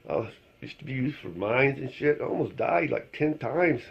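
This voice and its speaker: A man's voice: medium pitch, lively intonation, moderate pace, creaky, breathy edge. A man voicing a laid-back male talking dog, a boastful war veteran, in a rambling, easygoing drawl. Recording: dull lo-fi recording.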